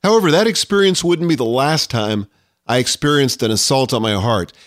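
This older male podcast host speaks at medium pitch and normal speed, his tone expressive and slightly bright. His scripted monologue is earnest and reflective, with quotes read aloud, and the studio sound is clean with no echo.

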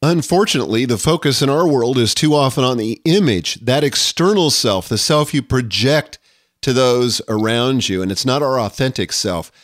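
Animated and moderately paced, an older podcast host with a medium-pitched voice works through an earnest, reflective scripted monologue, reading quotes aloud along the way. The recording is studio quality, without echo.

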